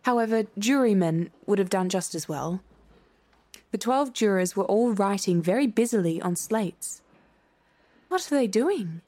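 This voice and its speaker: A woman narrating a classic children's storybook in a measured, clear way. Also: mid-range voice, warm tone. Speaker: audiobook narrator. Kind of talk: storybook reading.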